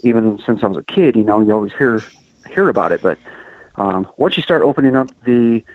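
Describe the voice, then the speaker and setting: A man's voice: medium pitch, lively intonation, a little fast, no room sound, lo-fi sound. A man from the American Midwest, a paranormal investigator, chatting casually in an interview with many ums and restarts.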